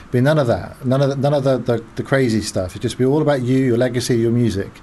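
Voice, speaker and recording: A man with a faint South African lilt tells stories as a radio guest. His voice sits at a middle pitch, and he stops and restarts often with plenty of "uh"s. A light hiss of background noise runs under his speech. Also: dark tone. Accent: slight South African tinge. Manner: storytelling, halting with fillers and restarts. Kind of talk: anecdotal interview talk.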